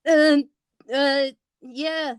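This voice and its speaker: A woman's voice: sits high, steady tone, extremely slow, crowd noise. A woman co-hosting a podcast in laid-back, teasing casual chat. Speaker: podcast co-host.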